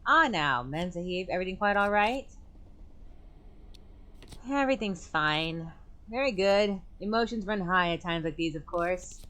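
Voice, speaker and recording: A woman's voice: on the low side, lively intonation, measured pace, long pauses, a bit bright. A woman voicing a polite, formal male ship steward in a game. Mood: courteous.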